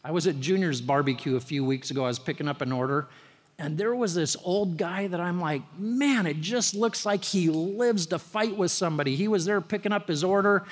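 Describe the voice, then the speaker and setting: Pastor, high male voice, chatty sermon with stories, long hall reverb. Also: fairly quick. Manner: conversational storytelling preacher, rising emphasis on key phrases.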